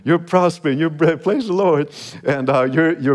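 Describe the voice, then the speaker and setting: A man preaching a sermon, his voice sitting a little higher than most men's. He talks in an earnest, repetitive way, with small chuckles between phrases, and keeps building in intensity. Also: a little slow, darkish tone. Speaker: pastor.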